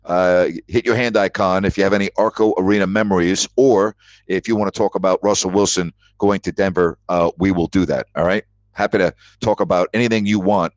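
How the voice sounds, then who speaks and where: Deep-voiced man hosting sports talk. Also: dry recording. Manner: storytelling, emphatic repetition. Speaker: sports radio host. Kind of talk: live call-in sports talk. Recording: dull lo-fi audio.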